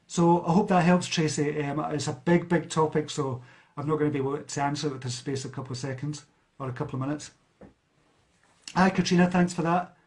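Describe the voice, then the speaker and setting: A Scottish man from near a large city, a self-help speaker, chats on a live stream, reading out viewer comments and answering them. His voice is on the high side and a little mellow, and he speaks briskly. He's chatty, full of fillers and restarts.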